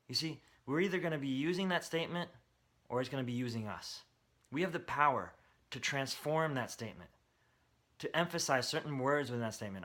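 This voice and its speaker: Male self-help coach, emphatic motivational delivery, bright tone. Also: medium pitch, lively intonation, fast. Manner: emphatic, coaching, repeats key phrases. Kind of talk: motivational talk to camera.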